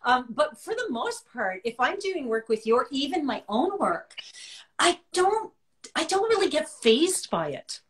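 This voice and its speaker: A woman's voice: sits high, big pitch swings, unhurried. A woman psychic hosting a live-stream talk, reassuring her audience and reading out viewer comments. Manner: warm, reassuring, reads viewer comments aloud. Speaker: psychic and show host.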